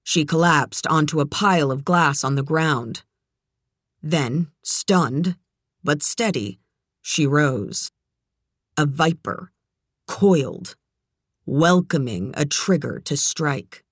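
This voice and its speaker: An audiobook narrator reads a thriller passage in a measured storytelling voice. The pace is slow and unhurried, and the recording sounds close and dry, with no room echo. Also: medium pitch, expressive, fairly bright tone. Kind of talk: scripted narration.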